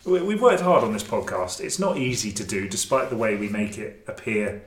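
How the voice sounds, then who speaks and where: A man's voice: on the low side, big pitch swings, moderate pace. A man hosting a casual podcast in a jokey, chatty, rambling way, often restarting his sentences. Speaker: podcast host. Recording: roomy echo, faint noise.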